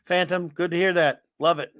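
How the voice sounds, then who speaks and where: A man's voice: sits high, fairly even intonation, moderate pace, fairly bright tone, dry recording. A man hosting a casual live stream, rambling and sarcastic as he greets viewers and rants. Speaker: host of a live stream chat.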